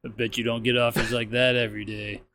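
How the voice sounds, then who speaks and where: A man's voice: medium pitch, flat delivery, fast, pushed and bright, slight background noise. A man telling short one-liner jokes to friends, with a plain setup-and-punchline delivery.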